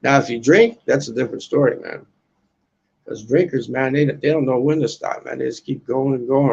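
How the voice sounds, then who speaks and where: A man's voice: mid-range voice, normal speed, creaky, darkish tone, husky, muffled recording. A man in his sixties from the United States, rambling crudely on a casual livestream, tacking "man" onto his lines, outdoors on a balcony. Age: 60s. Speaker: livestream host.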